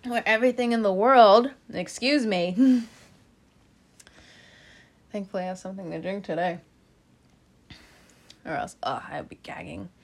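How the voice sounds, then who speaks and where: A woman giving a casual tarot reading to her viewers. She is gentle and tearful, often laughs and breaks off mid-sentence. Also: mid-range voice, unhurried, vocal fry, long pauses. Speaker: tarot reader.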